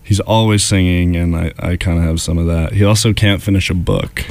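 A man's voice: low-pitched, steady tone, a little fast, darkish tone, no room sound. A young man co-hosting a casual radio show, playful and jokey, tossing in little sound effects.

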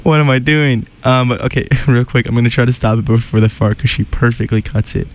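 A man's voice: mid-range voice, a little fast. A man hosting a radio show, chatting casually and animatedly, laughing and sounding incredulous. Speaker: radio host.

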